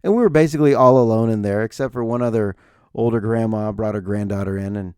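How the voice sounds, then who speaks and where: A man's voice: fairly low pitch, fast talker, a little mellow, smooth, no echo, studio quality. A man in his forties hosting a podcast, telling stories casually and sarcastically and acting out the people in them. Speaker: podcast host. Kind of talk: casual solo storytelling.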